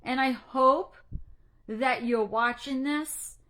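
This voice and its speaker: A woman's voice: high-pitched, takes it slowly, a bit bright. A middle-aged woman coaching on anxiety, talking directly to her group on a livestream in an earnest, slightly preachy way, emotional and close to tears. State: tearful, emotional. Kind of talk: casual livestream talk to a group.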